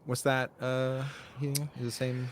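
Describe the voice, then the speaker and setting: A man's voice: medium pitch, monotone, normal speed. A man playing in a tabletop game, chatting casually with jokes and swearing. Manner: joking, casual, swears freely. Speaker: player.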